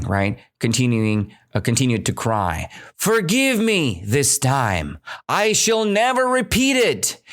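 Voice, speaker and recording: A man teaches English by retelling a story, speaking slowly and asking his listeners questions as he goes. His pitch moves up and down a lot, which keeps the explanation animated. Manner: slow, questioning, keeps checking understanding. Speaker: English teacher, podcast host.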